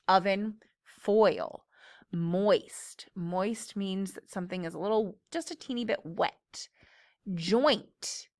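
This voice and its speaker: A woman teaches a phonics lesson to young children at an unhurried pace. She sounds out each word slowly and patiently, with a middle pitch, and follows it with a simple example. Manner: slow, patient, clearly sounding out words.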